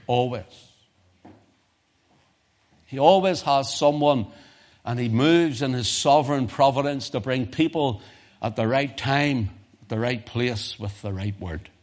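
A man with a British accent preaching a sermon, moving from quiet low musing to loud, high-pitched exhortation. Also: measured pace, pauses often.

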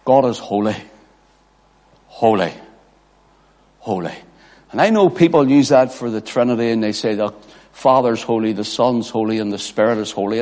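A man preaching a sermon as pastor, dropping to near whispers and rising to ringing shouted cries. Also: medium pitch. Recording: long hall reverb.

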